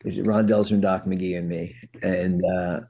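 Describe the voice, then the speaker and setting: A middle-aged man from New York City, a punk singer, telling an animated backstage story with swearing and acted-out voices. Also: low voice, a little slow. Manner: animated anecdotes, acts out quoted voices, swears freely. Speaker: guest, punk band vocalist. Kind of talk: casual storytelling.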